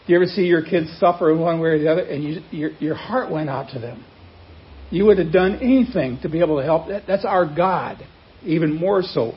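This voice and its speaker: A man preaching a sermon as pastor, in a conversational way, acting out quoted speech and often pausing on "uh". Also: fairly high pitch, highs cut off. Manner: conversational preaching, acts out quotes, many "uh" fillers.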